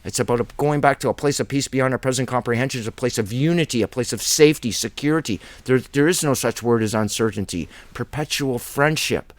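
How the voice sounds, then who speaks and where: A male preacher works through a Bible chapter, reading the verses aloud and then launching into heated, rambling commentary. His voice sits at an ordinary middle pitch. The recording is close and dry, with no room sound. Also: fast, few pauses, no room sound. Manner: impassioned, rambling, reads scripture aloud.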